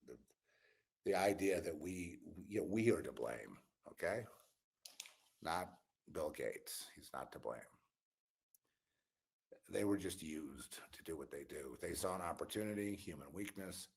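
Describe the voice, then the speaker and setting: A man hosting his own channel, delivering a rambling spiritual and political monologue with a weary, exasperated tone, drifting at times into low mutters and whispers. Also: lively intonation, measured pace, vocal fry, pauses often, breathy edge. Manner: meandering, musing, drops into low mutters and whispers. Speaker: channel host.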